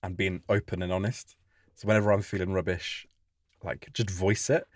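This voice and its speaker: A man with a fairly low voice talks openly and reflectively about fatherhood on a podcast. The sound is dry and close, with no room around it. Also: flat delivery, moderate pace, no echo. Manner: candid, reflective. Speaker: podcast co-host. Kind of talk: casual chat.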